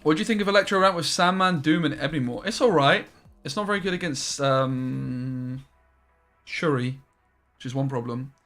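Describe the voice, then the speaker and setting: A young man streaming a card game, chatting loosely with his viewers as he plays. His voice is bright and forceful, with faint music underneath. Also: on the high side, moderate pace. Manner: casual, chatty, reads chat aloud. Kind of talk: live-stream commentary while playing.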